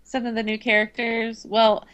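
A woman's voice: on the high side, little pitch movement, normal speed, a bit bright. A woman co-hosting a podcast in casual chat, chatty and enthusiastic as a fan. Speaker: podcast co-host.

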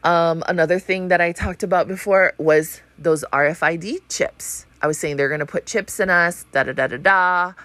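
A woman's voice: on the low side, moderate pace, hardly any pauses, a bit bright, dry recording. A woman in her thirties talking in a blunt, profane and rambling way, full of fillers, in a casual monologue. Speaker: vlogger.

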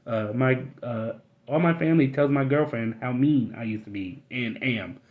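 A man with a mid-range voice hosts a podcast by himself, ranting bluntly at a moderate pace with plenty of swearing. He gets more worked up as he goes, and the audio sounds narrow and tinny.

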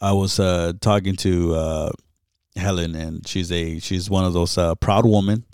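A man's voice: low-pitched, fairly even intonation, a little slow, a little mellow, clear, resonant tone, dry recording. Young man, podcast co-host, rambling jokes, profane, dry close sound. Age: young adult. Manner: swears often, joking, rambling. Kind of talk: casual profane chat.

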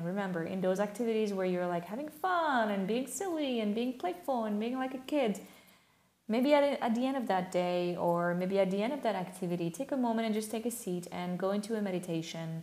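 Earnest woman speaking gently in a roomy space. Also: medium pitch. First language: French. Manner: earnest, gentle, conversational with many fillers. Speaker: speaker on inner child healing. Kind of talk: reflective personal talk.

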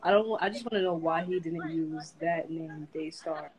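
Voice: medium pitch, moderate pace, poor audio. A podcast co-host in casual chat, speaking plainly and a little hesitantly.

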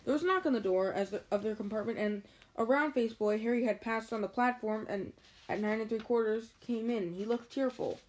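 A woman's voice: on the high side, fairly quick, a little mellow. A woman reading a storybook aloud in a casual, chatty way, often stumbling and restarting words. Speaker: reader.

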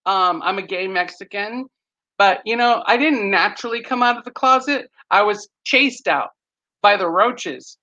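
Bright-voiced man doing a stand-up set. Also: high-pitched, moderate pace. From Texas, USA. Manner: animated punchline delivery with shouted put-on voices. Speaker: stand-up comedian guest. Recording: slightly muffled podcast audio.

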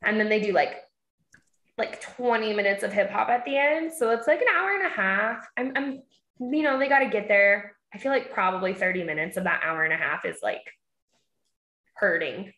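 A mom chatting casually, laughing often and acting out quotes in a bright, animated voice. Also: female voice, normal speed. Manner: giggly, animated, acts out quotes in a high voice. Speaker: mom and podcast guest. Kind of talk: casual chat. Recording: echoey room.

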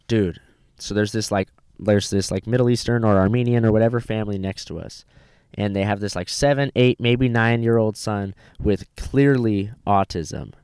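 A man's voice: fairly low pitch, moderate pace, darkish tone, smooth, no echo, clean studio sound. A young man swapping crude stories in a casual podcast chat, mimicking people along the way. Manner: profane storytelling, mimics people in a raised voice.

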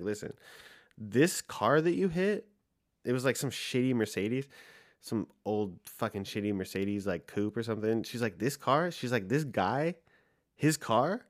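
A young man hosting a podcast, telling a rambling, profane story in a casual rant full of fillers. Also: lowish voice. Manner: profane, rambling, fast, heavy use of "like". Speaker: podcast host.

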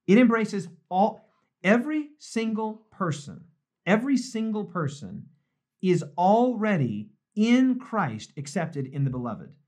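The man's voice sits high and is a little mellow, swinging widely in pitch as he speaks unhurriedly. He's a pastor in a live-streamed devotional discussion, talking earnestly and reflectively and repeating phrases for emphasis.

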